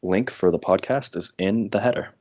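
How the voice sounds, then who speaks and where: A man co-hosting a casual podcast, giving dry, sarcastic shout-outs with hesitations. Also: sits low, normal speed. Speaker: podcast co-host.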